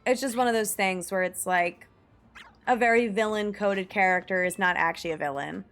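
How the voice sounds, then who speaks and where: A woman's voice: medium pitch, normal speed, fairly bright tone. Chatty young American woman streamer. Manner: rambling and enthusiastic, heavy on "like" fillers and swearing. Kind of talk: casual chat while gaming. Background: faint game music.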